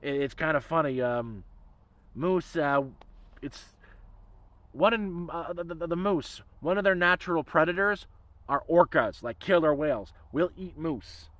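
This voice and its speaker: A man's voice: on the high side, lively intonation, measured pace, a bit bright, no echo, poor audio. A man rambling in a casual livestream chat, swearing freely and laughing often. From Canada. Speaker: channel host.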